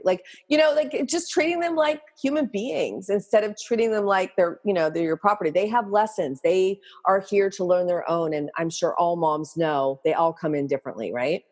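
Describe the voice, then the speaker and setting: A woman's voice: mid-range voice, fairly quick, few pauses, darkish tone. Middle-aged woman on a podcast, candid, tells stories w/ lots of energy. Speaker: guest. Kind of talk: casual podcast interview.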